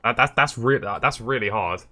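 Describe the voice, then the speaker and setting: A man's voice: mid-range voice, brisk, sharp tone. A young man from Southwest England, a podcast guest in casual chat, easygoing and full of "like" fillers. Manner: easygoing, lots of fillers, repeats himself.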